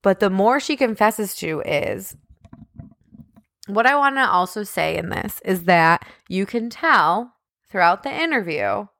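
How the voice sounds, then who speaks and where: A woman's voice: mid-range voice, lively intonation, measured pace, a bit bright, no echo. A woman co-hosts a true-crime podcast in a loose, chatty manner, leaning on "like" between phrases. She sounds opinionated as she retells the case, in a middle register. The recording is dry and close, with no room sound. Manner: chatty, heavy use of "like" as a filler. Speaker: podcast co-host. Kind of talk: casual true-crime chat.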